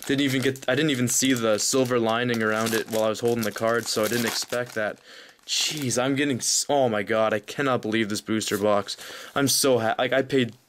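A young man narrating a card pack opening off camera, talking casually and growing breathless with excitement. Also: mid-range voice, a little fast, background noise. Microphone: off-camera voice, hands at table.

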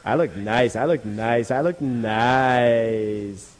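A man's voice: mid-range voice, animated, moderate pace, a little mellow, breathy edge. A man voicing a vain, sly dog in a told folk tale, speaking smugly and drawling.

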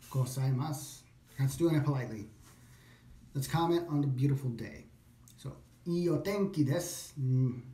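A man practicing phrases along with a language course, repeating them slowly, thinking aloud and correcting himself. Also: a little high, darkish tone. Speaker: language learner. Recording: echoey room.

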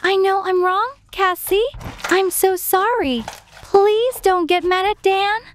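In a storytime cartoon, a woman plays an attention-seeking, gushing young woman with a very high, squeaky voice, dramatic and falsely innocent. She takes it slowly, and slight background noise can be heard.

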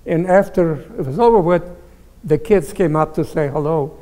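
A man's voice: fairly high pitch, normal speed, dark tone. An older man, a survivor, telling a personal story to an audience and quoting the people he met. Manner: plain spoken, repeats quoted dialogue. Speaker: Holocaust survivor speaker. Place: recital hall. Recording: long hall reverb.

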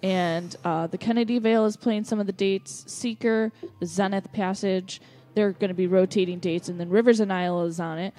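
A woman's voice: mid-range voice, steady tone, normal speed, warm tone. A young woman, co-hosting a podcast and reading out show announcements in a chatty, upbeat way. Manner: chatty, upbeat, stumbles over band names. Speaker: podcast co-host.

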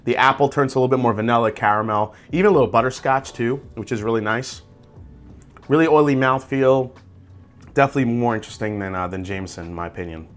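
A man hosting a casual whiskey tasting review, describing tasting notes aloud in a relaxed, conversational way. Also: medium pitch, fast, soft background music. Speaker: whiskey reviewer, channel host.

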